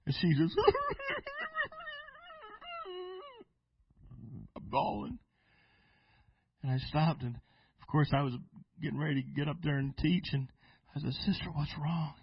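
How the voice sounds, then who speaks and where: Husky preacher man, bursts into shouts. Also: fairly high pitch, no echo, lo-fi sound. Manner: preaching with sudden shouted bursts and slow drawn-out phrases; storytelling with restarts and repeated words. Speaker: pastor. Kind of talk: sermon. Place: church sanctuary.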